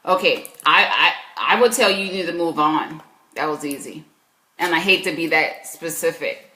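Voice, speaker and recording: A Christian life coach with a South Carolina accent answers viewers' questions on a live stream, emphatic and preachy, talking back to their comments. Her deep voice moves at normal speed and sounds pushed and bright in an echoey room.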